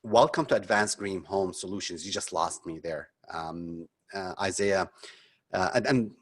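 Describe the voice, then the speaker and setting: Low-voiced man giving frank webinar critiques. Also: a little slow. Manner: frank, conversational, many fillers and restarts. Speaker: marketing consultant leading a webinar.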